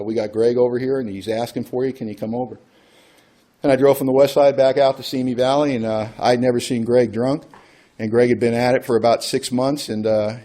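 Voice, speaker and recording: A man with a dark, mellow voice talks to a recovery group in a relaxed, conversational way. He tells a personal story and slips into the voices of the people in it. His pitch sits in an ordinary middle range. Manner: conversational, acts out quoted dialogue. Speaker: AA workshop speaker.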